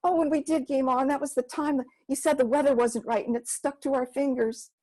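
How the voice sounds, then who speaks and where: A woman's voice: high-pitched, steady tone, fairly quick, dark tone, pitched above the performer's own voice, lightly acted, poor audio. A woman storyteller voicing an eager, curious young girl who asks pleading questions.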